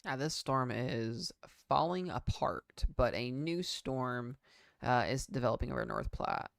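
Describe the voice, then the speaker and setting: A man's voice: mid-range voice, lively intonation, measured pace, gravelly, a bit bright. A man in his twenties giving casual live weather commentary, chatty and loose with many fillers while he answers viewers' questions. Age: 20s. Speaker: weather livestreamer.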